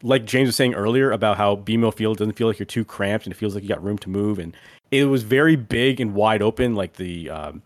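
Low-voiced man telling a rambling story. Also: fairly quick, no echo, clean studio sound. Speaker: podcast co-host. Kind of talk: casual chat.

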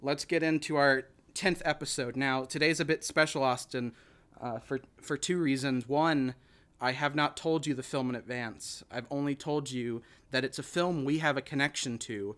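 Podcast host, man with a bright, sharp voice, loose joking delivery. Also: medium pitch, moderate pace. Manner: rambling, joking, many restarts. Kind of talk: casual chat.

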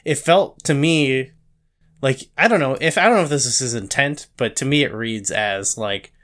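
A man's voice: mid-range voice, normal speed, fairly bright tone. A man co-hosting a podcast in casual chat, rambling and hesitant, filling his talk with "like". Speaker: podcast co-host.

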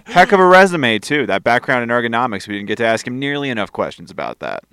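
A man's voice: mid-range voice, very animated, fast talker, a bit bright, smooth, no room sound. A man co-hosting a casual podcast, laid-back and joking. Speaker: podcast co-host.

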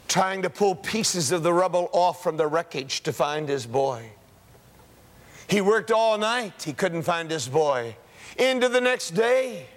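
A man preaching a sermon to a congregation, emphatic, building his points through repeated phrases in a rising cadence. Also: high-pitched. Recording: long hall reverb.

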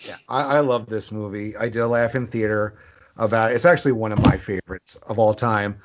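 A man's voice: on the low side, steady tone, fairly quick, dull audio. A man co-hosting a casual movie podcast, joking and laughing with friends. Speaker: podcast co-host.

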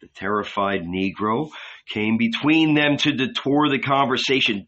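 A man reading a novel aloud in a measured, dramatic narration. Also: mid-range voice, sharp tone, muffled recording. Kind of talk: audiobook reading.

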